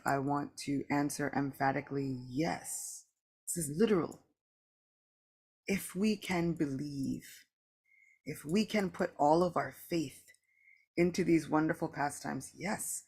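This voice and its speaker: A woman giving a morning scripture class in a temple, reading aloud and teaching in a slow, earnest, emphatic way. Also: on the low side, vocal fry, darkish tone, breathy edge, rough recording. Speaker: class speaker. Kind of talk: scripture reading and devotional lecture.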